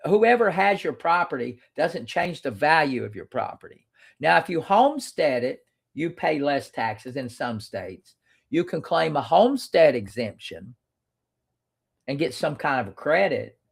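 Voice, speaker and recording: A man's voice: on the high side, creaky, husky, poor audio. A man hosting a casual live-stream, bluntly explaining legal questions to viewers. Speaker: host answering legal questions.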